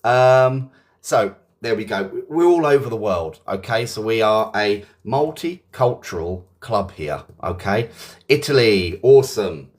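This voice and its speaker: A man's voice: fairly low pitch, expressive, measured pace. A man from England with a British accent, teaching an English vocabulary lesson on a live stream, chatty and encouraging as he greets viewers by name. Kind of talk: live online lesson, reading viewer comments.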